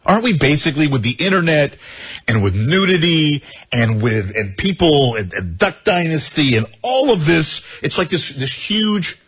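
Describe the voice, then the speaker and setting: A man's voice: on the high side, lively intonation, moderate pace, a bit bright, slightly rough. A man hosting a talk radio show, joking and rambling with frequent stammered repeats. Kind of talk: casual talk radio banter. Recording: dull lo-fi radio sound.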